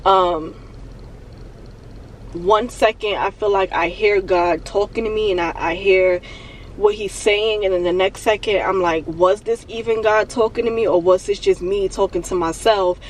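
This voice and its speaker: A young woman vlogging from her car, venting and on the verge of tears, talking in a halting way and repeating herself. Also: medium pitch, fairly even intonation, distant mic, slight background noise, low-quality recording. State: emotional, near tears. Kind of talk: emotional confessional vlog. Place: parked car.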